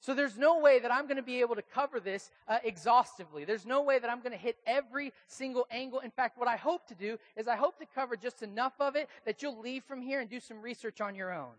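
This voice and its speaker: A man's voice: very high voice, quick pace, hardly any pauses. A man with an American accent preaching a sermon in a casual, conversational, self-deprecating way. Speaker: pastor.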